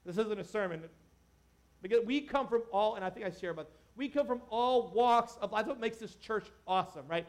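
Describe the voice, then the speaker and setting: Male pastor with a high voice; animated, joking, conversational preaching. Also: brisk. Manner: animated, joking, talks to the crowd with asides. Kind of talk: casual conversational sermon.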